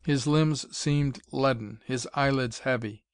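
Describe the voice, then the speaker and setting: A man narrating an adventure story in a steady, measured reading voice. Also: medium pitch, smooth, dry recording, studio quality. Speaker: audiobook narrator. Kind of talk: scripted narration.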